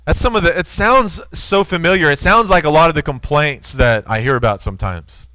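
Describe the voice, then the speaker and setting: Man, thirties, earnest sermon, smooth clear voice, dry close sound. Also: fairly high pitch, fairly quick, sharp tone, dry recording, rough recording. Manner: earnest, addresses listeners as friend, storytelling. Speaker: preacher.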